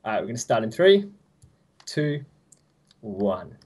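A woman's voice: rumbling low, unhurried, slightly rough. Giggly woman hosting a game. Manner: joking, giggly, lively. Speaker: game host. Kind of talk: casual commentary over a video game.

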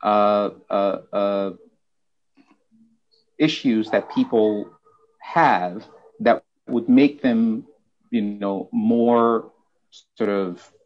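Guy hosting, slow and unsure, kinda low voice, dull muffled audio. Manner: hesitant, searching for words. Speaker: host. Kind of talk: interview questions. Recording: dull lo-fi sound.

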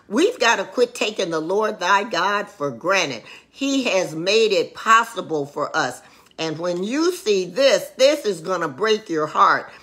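A woman's voice: on the low side, bright, forceful tone. A middle-aged woman co-pastor teaching a livestreamed Bible lesson, preaching emphatically and rising to exclamations. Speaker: co-pastor teaching Sunday school.

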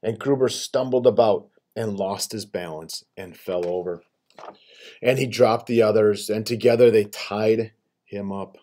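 A man's voice: fairly low pitch, unhurried, mellow. A man doing an eager little storytelling girl. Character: sharp, clever little girl telling a story.

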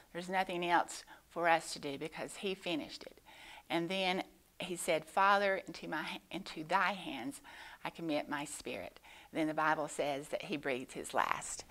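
A woman gives a children's Bible lesson at church, explaining gently with frequent pauses and fillers. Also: sits low. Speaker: Sunday school teacher.

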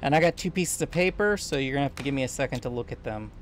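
A man's voice: medium pitch, expressive, racing, a little hiss or hum. A man playing a co-op game, explaining puzzles in a teasing, bossy way over voice chat. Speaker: gamer playing co-op. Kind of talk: casual gameplay chat.

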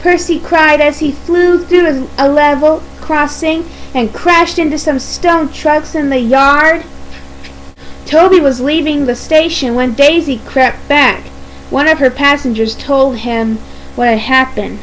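High-voiced woman reading a storybook. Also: measured pace, a little hiss or hum, low-quality recording. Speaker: narrator.

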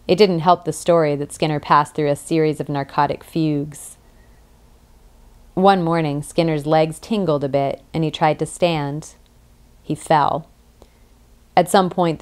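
A woman narrating a sci-fi audiobook in a dry, even storytelling manner. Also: sits low. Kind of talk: scripted narration.

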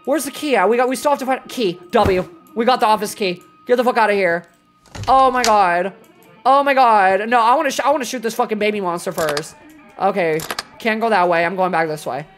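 A young woman streaming a horror game, talking to chat and reacting loudly, with lots of swearing. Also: mid-range voice, brisk, faint music behind. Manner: animated, swearing, dramatic scared outbursts. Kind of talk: live gameplay commentary.

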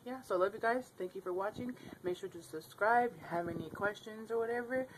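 A woman's voice: medium pitch, fast talker, background noise. A young woman vlogging casually at home on a handheld camera, chatty, giggly and rambling. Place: house, indoors.

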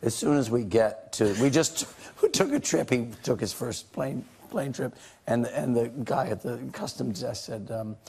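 A man's voice: medium pitch, lively intonation, normal speed, darkish tone, breathy edge. A man, an actor guest, telling an amused anecdote. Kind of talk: chat-show anecdote.

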